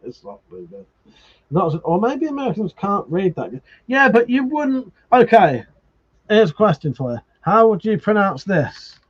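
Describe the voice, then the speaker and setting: A man talks on a casual live stream, swearing and getting worked up as he argues his point. His voice sits slightly high and husky. The audio is dull and lo-fi. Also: moderate pace. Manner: animated, swearing, reading viewer comments aloud. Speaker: livestream host.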